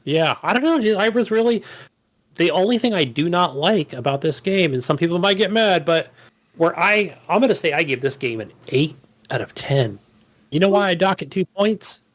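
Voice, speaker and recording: A man's voice: high voice, expressive, normal speed. A man co-hosting a gaming podcast, chatting casually in a rambling, profane way. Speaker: podcast co-host.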